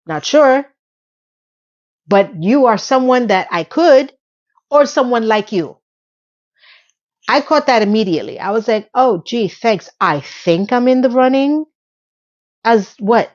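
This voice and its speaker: A woman's voice: mid-range voice, muffled recording. A woman casually recapping a TV episode, chatty and sarcastic, sometimes acting out the characters' lines.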